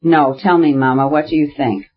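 A man reading the part of an eager, excited young noblewoman in an audiobook. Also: on the high side, normal speed, slightly rough, muffled recording. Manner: eager, gushing.

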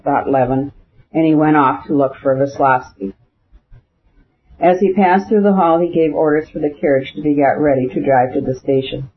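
A man narrating a classic novel aloud in a measured, even reading voice, saying the French phrases as well. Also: a little high. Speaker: audiobook narrator. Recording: phone-like narrow band.

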